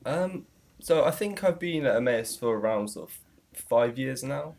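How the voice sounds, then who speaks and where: A young man, a student guest chatting casually, relaxed and self-deprecating. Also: mid-range voice, normal speed, vocal fry. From Surrey, England. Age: young adult. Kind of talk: casual interview chat.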